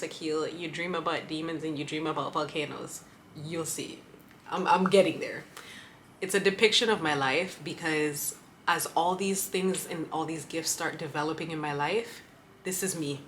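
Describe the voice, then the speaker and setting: A young woman vlogger telling a personal story to camera, animated, often laughing and backtracking. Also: fairly low pitch, a little hiss or hum. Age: young adult.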